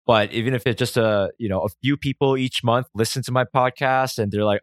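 Male podcast host, solo monologue, rambling and profane, mid pitch, dry close sound. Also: fast talker, hardly any pauses, no room sound. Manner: rambling, profane, self-reflective.

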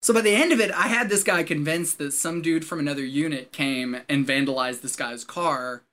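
Laughing frequently, a man who used to be a Marine spins a profane, lively story during a relaxed chat. He speaks at a moderate pace in a slightly high voice.

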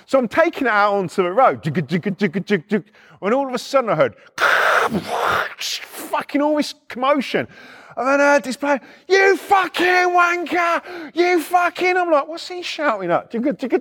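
A middle-aged man telling a rough, profane story in casual chat, acting out the other people's voices as he goes. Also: very high-pitched. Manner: animated, swears constantly, acts out voices. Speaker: podcast storyteller.

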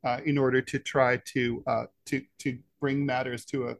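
A man co-hosting a political discussion podcast who talks in a halting way, with many "uh" fillers between phrases. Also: mid-range voice, level tone, creaky. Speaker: podcast co-host, editorial cartoonist.

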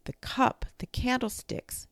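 Woman reading as a fretful storybook boy, gravelly, lively lilt, dry close sound. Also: a little slow, no echo, heavily acted. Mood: anxious. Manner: excitable, higher and louder than her narration. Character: eager anxious little boy.

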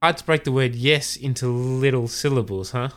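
A man's voice: mid-range voice, moderate pace, a bit bright, natural voice. Cocky young man, read by a male podcaster, dry and sarcastic.

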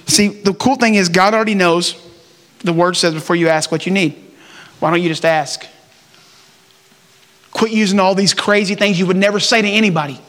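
A man giving a conversational, animated sermon, acting out prayers in plain everyday talk. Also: high-pitched, big-room sound. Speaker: preacher.

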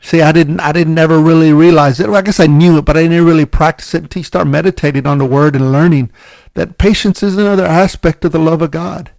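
A male preacher with a gravelly, creaky voice that sits a little high, recorded close and dry. He talks to his listeners in a candid, self-deprecating way, starting sentences over and asking "right?" as he goes. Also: steady tone, quick pace, darkish tone, dry recording. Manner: candid, self-deprecating, many restarts and "right?" check-ins. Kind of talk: conversational sermon.

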